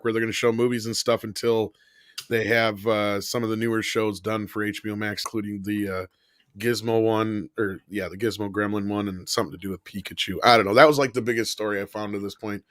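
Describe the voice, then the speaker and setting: A man's voice: lowish voice, no echo, clean studio sound. A man co-hosting a casual livestream, wry and cursing, reading out viewer messages. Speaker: co-host.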